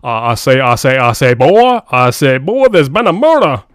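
A man putting on a slow, stammering southern drawl to impersonate a blustery cartoon rooster. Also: mid-range voice, sing-song, smooth, dry recording, clean studio sound, natural voice. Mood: blustering.

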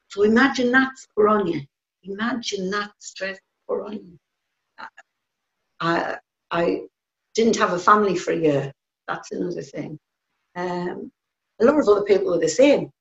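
An older woman with a North East English accent, recalling the past in an earnest, plain-spoken way with frequent hesitations. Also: medium pitch. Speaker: interviewee. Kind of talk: personal recollection. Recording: roomy, slightly dull recording.

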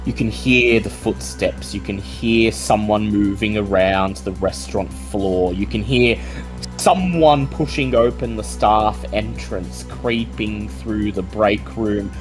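A woman as game master, narrating a tabletop horror game in slow, suspenseful tones. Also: very deep voice, poor audio. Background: faint music.

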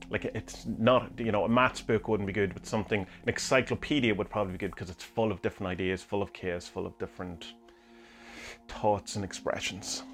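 Man, low voice, podcast host, rambling and musing, faint music behind. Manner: musing, rambling, many hesitations and restarts. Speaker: podcast host answering listener questions. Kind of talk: casual chat reading omens from books.

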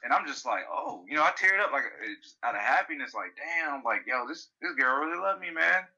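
A man's voice: on the high side, lively intonation, fairly quick, sharp tone, breathy edge. A man co-hosting a casual chat, rambling and filling his sentences with "you know" and "like". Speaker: podcast co-host. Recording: dull lo-fi sound.

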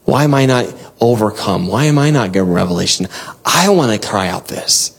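A man preaching a devotional sermon and reading scripture, earnest and exhorting, with bursts of excitement and soft laughs. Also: lowish voice, normal speed, creaky, husky.

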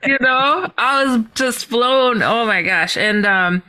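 A woman guest telling a personal story in a lively way, laughing and exclaiming often. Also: a little high, takes it slowly. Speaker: guest author.

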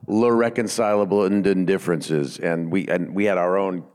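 A man's voice: low-pitched, steady tone, moderate pace, a little mellow. A man on a convention panel chatting casually, joking at his own expense. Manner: self-deprecating, joking.

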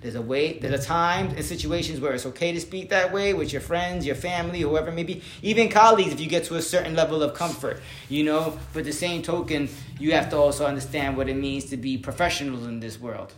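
A middle-aged man, a former teacher, telling stories in a relaxed, casual way with lots of "you know" fillers. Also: a little high, fast, hardly any pauses, slight background noise. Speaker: former teacher and assistant principal. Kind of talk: casual conversational storytelling. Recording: roomy echo.

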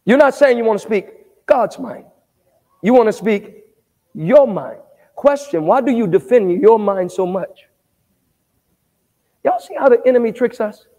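A male pastor preaching a sermon in call-and-response fashion, asking the congregation to answer back and building to shouted emphasis. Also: sits high, lively intonation, measured pace, long pauses. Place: church sanctuary. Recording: long reverb of a church hall.

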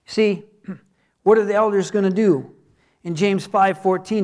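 A man's voice: sits high, a little slow, long pauses, darkish tone. A man who is a pastor, preaching a sermon earnestly and repeating words for emphasis.

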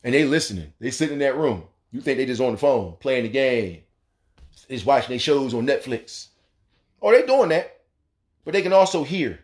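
A man's voice: medium pitch, animated, fairly quick. A man hosting a talk radio show, delivering a blunt, profane monologue and acting out the voices he quotes. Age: adult, has a son.

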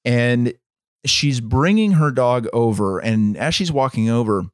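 A man co-hosting a podcast, telling a story in a measured, dramatic way. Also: medium pitch, lively intonation, no echo, studio quality. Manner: measured, dramatic storytelling, acts out quoted voices. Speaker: podcast co-host. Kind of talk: storytelling in casual chat.

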